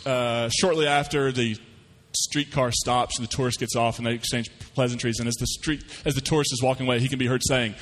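A pastor preaches in a relaxed, folksy storytelling manner at an ordinary pitch, slipping into the voices of the people in his stories. He talks briskly with hardly any pauses, and a long church reverb trails each phrase.

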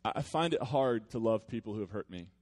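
A man who is a pastor, preaching a sermon to his congregation in a conversational, earnest way that drops into soft, reflective passages. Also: on the low side, expressive, fairly quick.

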